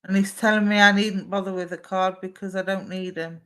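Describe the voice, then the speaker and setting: Female medium, talky and warm-paced, live-stream reading. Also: medium pitch, flat delivery, fairly quick, smooth. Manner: chatty, relays messages from spirit.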